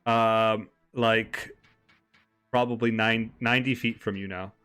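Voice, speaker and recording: A man running a tabletop game as game master, giving calm, matter-of-fact rulings. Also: on the low side, slow pace, smooth, soft background music.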